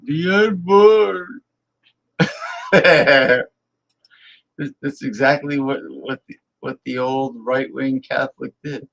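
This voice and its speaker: A man's voice: medium pitch, fairly even intonation, normal speed, gravelly, poor audio. A man hosting a casual political livestream, reading viewer messages aloud and speaking bluntly and emphatically, often repeating words for effect.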